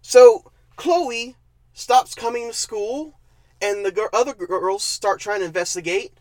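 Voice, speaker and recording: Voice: medium pitch, measured pace, darkish tone, no echo. A movie reviewer giving a casual spoken review, ranting with exasperation and sarcasm, often laughing and stumbling over restarts. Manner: frequent laughs and stammered restarts.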